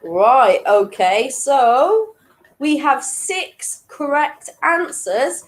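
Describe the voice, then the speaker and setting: A woman hosts an online weekly quiz, chatting away and laughing at her own jokes. She reads each question twice, slowly and clearly, in a high, sing-song voice.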